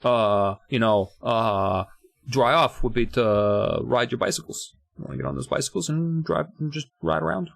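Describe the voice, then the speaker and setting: A man's voice: mid-range voice, normal speed, gravelly, no echo, lightly acted. A man voicing mischievous bully twins, a pair of kids, speaking in a sly, mock-friendly, hesitant way. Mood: taunting.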